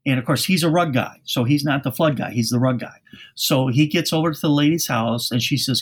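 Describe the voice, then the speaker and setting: A man of middle pitch shares stories from his trade as a podcast guest. He talks in a folksy, easygoing way, often restarting his sentences. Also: a little fast, slightly rough. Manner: folksy storyteller with frequent restarts. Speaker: carpet cleaning industry expert guest. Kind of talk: podcast interview storytelling.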